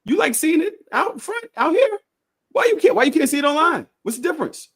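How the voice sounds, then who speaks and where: A man co-hosting a podcast in casual chat, teasing and animated, with loud bursts. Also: very high-pitched, a little fast. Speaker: podcast co-host.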